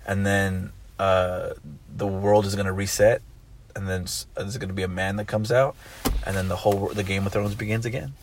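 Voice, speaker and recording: A man's voice: sits low, fairly even intonation, normal speed. Brash joking man on a noisy mic. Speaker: podcast co-host. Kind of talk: casual chat.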